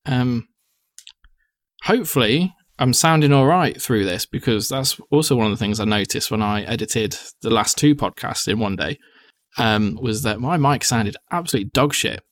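A man's voice: medium pitch, expressive, moderate pace, dry recording. A young man, co-hosting a casual podcast chat, talkative and swearing freely. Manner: chatty, swears casually, acts out quotes. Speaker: podcast co-host.

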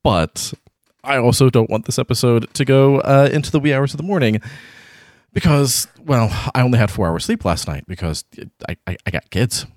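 Man, podcast co-host, chatty, self-deprecating, lively pitch, dry sound. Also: normal speed, dry recording. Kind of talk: casual podcast banter.

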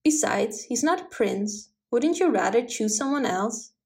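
A mild, fatherly storybook king who reasons calmly with his daughter, read by a woman. The voice stays a touch high. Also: measured pace, creaky. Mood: reasoning.

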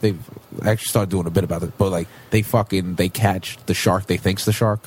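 A man in his twenties, a comedian guest in casual podcast chat, telling animated stories and acting out quotes. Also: deep voice, a little fast, slight background noise. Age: 20s.

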